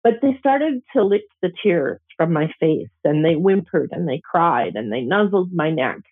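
Middle-aged woman elder, slow heartfelt storytelling with pauses, thin phone-like sound. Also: fairly low pitch, expressive, breathy edge. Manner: slow, gentle, emotional telling with pauses. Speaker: Métis elder sharing a personal story. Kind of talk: reflective personal storytelling. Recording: tinny phone-like audio.

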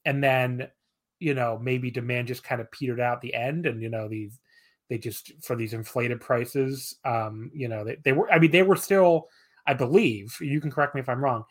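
A man in his thirties, a guest on a podcast, talking in a relaxed, rambling, self-deprecating way with plenty of fillers. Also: medium pitch, moderate pace. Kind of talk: casual podcast chat.

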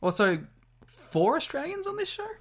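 A man's voice: very high voice, huge pitch swings, moderate pace. Joking, swearing podcast man. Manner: joking, laughs often, swears. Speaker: podcast co-host. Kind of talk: casual wrestling recap chat.

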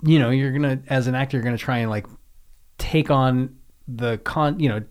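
A man's voice: mid-range voice, moderate pace, darkish tone, clear, resonant tone. A man hosting a casual podcast chat, rambling in restarts, swearing and laughing often. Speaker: podcast host.

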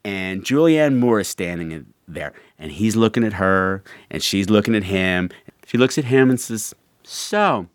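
A man hosts a podcast in casual, chatty storytelling with campy asides. His pitch jumps up and down a lot. The recording is dry and close. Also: expressive, normal speed, no echo. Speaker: podcast host. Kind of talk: casual chat.

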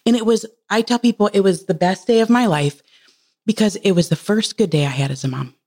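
A woman in her thirties, a podcast guest, telling a heartfelt personal story in casual conversation. She laughs often and leaps up in pitch when she quotes herself. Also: fairly quick, darkish tone. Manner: earnest and heartfelt.

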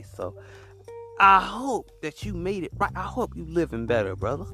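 A man preaching an impassioned sermon, repeating lines and building to shouts. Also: sits high, very animated, moderate pace, gravelly, soft background music. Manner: preaching in calls, repetition and rising shouts.

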